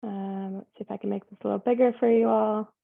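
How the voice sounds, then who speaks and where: A woman's voice: medium pitch, steady tone, quick pace, gravelly. A woman environmental program specialist giving a presentation on a video call, friendly with frequent fillers. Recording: tinny phone-like call audio.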